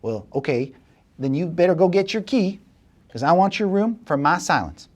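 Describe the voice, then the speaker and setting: A man's voice: high voice, sing-song, normal speed, pitched above the performer's own voice. Man putting on a pushy scheming woman. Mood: demanding. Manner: bossy, demanding. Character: pushy ambitious woman blackmailing a henchman.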